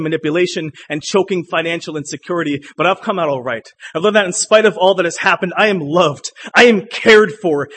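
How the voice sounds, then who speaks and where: A young man performing spoken word poetry for a live audience, moving between loud declamation and hushed lines, and bantering loosely between poems. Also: sits high, slight background noise.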